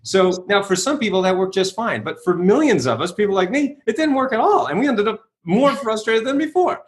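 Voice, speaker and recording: Lively, high-voiced man telling a story. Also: brisk. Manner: energetic, acts out quoted voices, repeats "right?". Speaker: guest author and speaker. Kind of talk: animated interview storytelling.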